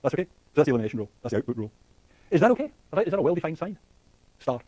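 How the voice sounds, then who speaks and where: A man lectures at high speed, with frequent fillers, restarts and questions to the class. His voice is dark and slightly husky. The recording is dry and close. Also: big pitch swings, dry recording. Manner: rapid, thinking aloud with frequent fillers and restarts; asks the class questions and laughs lightly. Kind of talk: university lecture.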